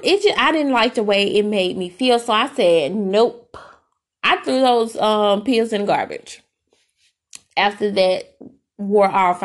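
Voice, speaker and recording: Her medium-pitched voice is a bit bright. This young adult podcast host tells personal stories in a candid, casual way, using fillers and restarting her sentences.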